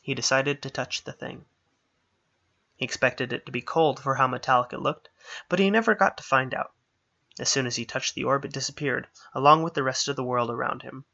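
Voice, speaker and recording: A man narrating a scripted fantasy story in a steady storytelling manner. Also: mid-range voice, fairly quick, gravelly, highs cut off.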